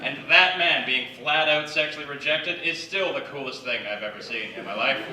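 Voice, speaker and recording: A man from the Yukon doing a conversational, self-deprecating stand-up set on a theatre stage, slipping into quick acted quotes. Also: medium pitch, background noise. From Yukon, Canada. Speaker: stand-up comedian. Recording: echoey theatre, mic at a distance.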